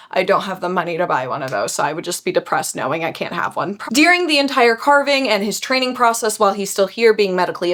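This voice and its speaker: Young woman doing a chatty book recap, kinda high voice, laughs a lot. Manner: animated, gushing, laughs often. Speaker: book vlogger.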